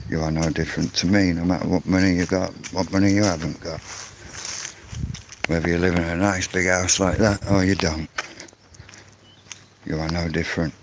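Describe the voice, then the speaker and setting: A man's voice: deep voice, steady tone, moderate pace, pauses often, noisy background. A man giving an angry, insistent vlog rant, often repeating words as he goes. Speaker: vlogger. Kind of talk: ranting vlog monologue.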